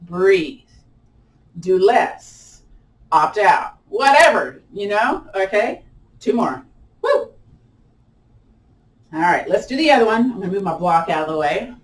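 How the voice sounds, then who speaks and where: A woman's voice: medium pitch, expressive, unhurried, far from the mic. A woman with a lilt talks a chair yoga class through each move, chatty and encouraging, and lets out a playful whoop while they hold a pose. She sounds a little way off from a camera mic in a roomy space with a noticeable echo. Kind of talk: live online exercise class instruction.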